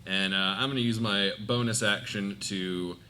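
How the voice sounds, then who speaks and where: A man's voice: on the low side, steady tone, normal speed, pushed and bright. A man playing a tabletop game live on stage, playful and mock-heroic. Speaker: player. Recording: noisy live recording.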